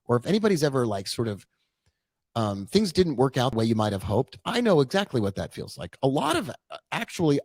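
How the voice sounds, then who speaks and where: A man's voice: mid-range voice, darkish tone, dry recording. Chatty man telling his story, dry sound. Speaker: trading coach. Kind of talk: casual live-stream talk.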